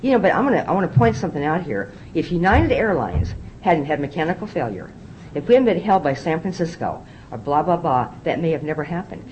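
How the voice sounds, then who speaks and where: An older woman tells her story to a meeting, her voice leaping up and down as she acts out each exchange. She talks quickly and confidingly, with a lowish tone. A faint rumble sits behind her. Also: big pitch swings, a little mellow, highs cut off. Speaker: AA speaker. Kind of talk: recovery meeting talk, storytelling.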